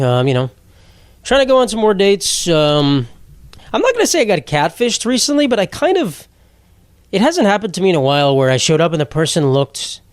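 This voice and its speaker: A man's voice: a little high, dry recording. A young man hosting a solo comedy podcast, rambling bluntly and mocking himself, often laughing mid-sentence. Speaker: podcast host.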